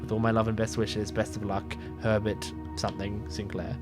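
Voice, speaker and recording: A man hosting a casual let's-play in a relaxed, chatty way, sleepy and yawning, who laughs often while he reads game text aloud. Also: lowish voice, normal speed, over music. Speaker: gaming video host.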